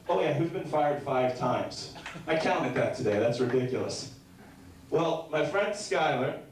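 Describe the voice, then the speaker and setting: A young man performing a stand-up comedy set, telling rambling deadpan stories and breaking into sudden shouted bits. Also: on the high side, a little hiss or hum. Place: comedy club stage. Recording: very echoey room heard from a distance.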